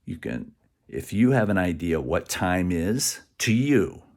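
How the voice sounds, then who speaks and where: A man talking in a rambling, animated monologue, acting out quoted voices and dropping now and then to a whisper. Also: deep voice, measured pace.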